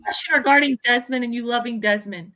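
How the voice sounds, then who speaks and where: Bright teasing woman co-host. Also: on the high side, fairly quick. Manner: teasing, direct questions. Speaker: podcast co-host. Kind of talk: casual sports podcast chat.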